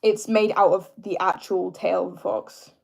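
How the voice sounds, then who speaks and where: Young British man streaming casually, halting and filler-heavy, keeping his voice lower than it wants to sit. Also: steady tone, creaky, darkish tone. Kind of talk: casual live-stream chat answering viewers.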